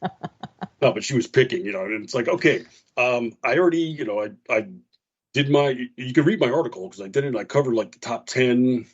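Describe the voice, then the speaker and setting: A man's voice: mid-range voice, fairly quick, slightly rough, highs cut off. A man co-hosting a radio talk show, telling a story in casual chat and acting out what others said in a raised voice. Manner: animated storyteller, acts out quotes in a raised voice.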